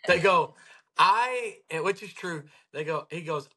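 A man hosting a casual chat, telling patient stories with animated retellings. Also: on the high side, moderate pace. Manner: animated storyteller, acts out patients' words. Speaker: podcast host, chiropractor.

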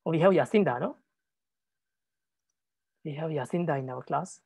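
A man who is a Buddhist monk teaching a language class, patient and repetitive, pausing often with hesitations. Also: fairly high pitch, a little mellow, breathy edge, no room sound. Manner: patient, repeats words, many hesitations.

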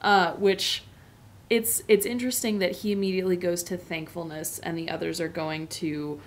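A woman's voice: fairly low pitch, steady tone, normal speed, a little hiss or hum. A woman in a casual, explanatory tone, teaching a lesson on a novel. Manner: explanatory and conversational. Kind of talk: book lesson.

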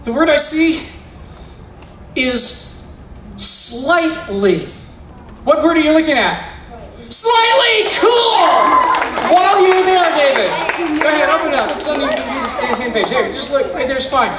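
An extremely high-pitched man speaks at normal speed, performing as a magician for schoolchildren and coaxing young volunteers through mind-reading tricks with playful, theatrical patter. The crowd is audible and the background noisy. He sounds far off in an echoey indoor school room or gym.

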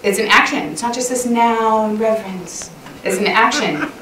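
A middle-aged woman giving a lively, chatty talk at a women's church conference session, often laughing and acting out little quoted lines. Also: on the high side, normal speed, crowd noise. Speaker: conference speaker. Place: church hall. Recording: echoey church hall recorded from far off.

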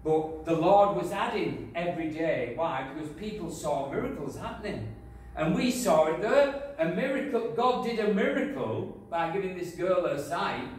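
A man preaching a sermon, telling a personal testimony, going from loud praise to quiet asides. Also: high-pitched. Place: church hall. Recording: echoey hall, from far off, faint noise.

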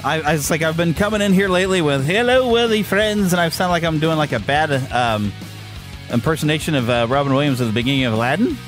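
A man's voice: a little high, fast talker, faint music behind. A man hosting a podcast in casual chat, rambling and upbeat, with lots of fillers and restarts. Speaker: podcast host. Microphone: podcast microphone.

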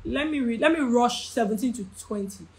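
Passionate high-voiced woman teaching Bible study. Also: normal speed. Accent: Nigerian English. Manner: passionate, repeats phrases, shouts for emphasis.

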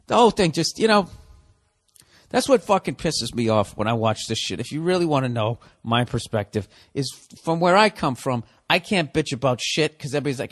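A man holds forth alone on his podcast in a sarcastic, profanity-laced rant. He mocks himself as freely as anyone else, in a voice that sits a little high for a man. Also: expressive, a little fast. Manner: profane, sarcastic, self-mocking ranting. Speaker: podcast host. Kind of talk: ranting comedic monologue.

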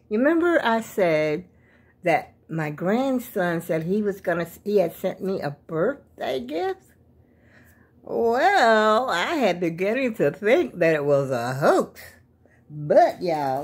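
A woman's voice: medium pitch, very animated, takes it slowly, breathy edge. A woman in her seventies chatting casually to her viewers in a rambling, folksy way, often calling them y'all. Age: 70s. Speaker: vlogger. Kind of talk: casual chat to camera.

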